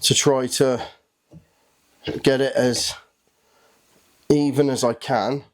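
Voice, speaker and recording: A man at an ordinary middle pitch, chatting his way through a hands-on project for his own channel. He sounds excitable and a little jittery, thinking aloud and commenting on each step as he goes. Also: takes it slowly, a little hiss or hum. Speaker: channel host. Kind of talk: casual hands-on workshop narration.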